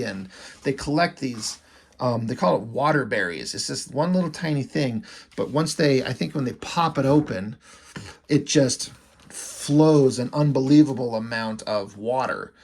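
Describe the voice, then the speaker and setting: A man casually recapping and reviewing a comic book, rambling and irreverent, swearing freely and acting out characters' lines. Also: medium pitch.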